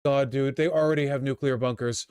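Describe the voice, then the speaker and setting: A man's voice: mid-range voice, fairly even intonation, a little fast, a little mellow, clear, resonant tone, dry recording, clean studio sound. A man streaming live, reacting to a news video in an exasperated, sarcastic way and swearing often.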